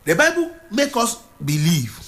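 A man's voice: sits high, wildly swooping pitch, a little slow, fairly bright tone. A man preaching a sermon, retelling a Bible story with fervent, dramatic delivery and repeated phrases.

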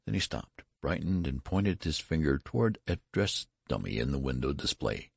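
Very deep, gravelly male narrator. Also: very animated, moderate pace, no echo, studio quality. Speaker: audiobook narrator. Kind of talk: scripted narration of a story.

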